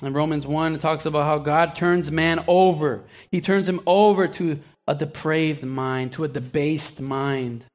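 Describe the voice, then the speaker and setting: A man's voice: fairly high pitch, measured pace, few pauses. A man preaching a sermon in a conversational way, asking the listeners questions and acting out small asides, often restarting and repeating words.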